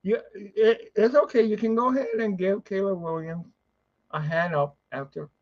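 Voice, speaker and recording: Man, excitable, stumbling and repeating, laughing host, dull lo-fi call audio. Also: high-pitched, moderate pace. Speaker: podcast host. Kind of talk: casual live chat stream.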